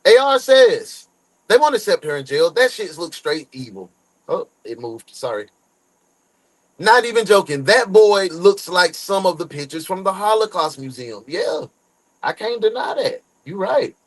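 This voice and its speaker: A man hosts a true crime reaction stream. His voice sits high for a man. He talks loose and slangy, swears freely and reads viewer comments aloud as he reacts. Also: sing-song, measured pace, poor audio.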